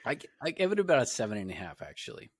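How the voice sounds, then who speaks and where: A man's voice: medium pitch, wildly swooping pitch, racing. A young man co-hosting a podcast, chatting casually and rambling with many fillers and restarts. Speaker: podcast co-host. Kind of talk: casual chat.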